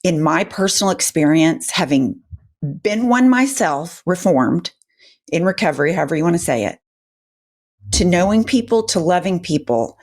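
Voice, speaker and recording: A husky-voiced woman with a fairly low pitch co-hosts a political commentary show. She talks with open indignation and swears freely. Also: darkish tone. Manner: indignant and profane. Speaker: co-host.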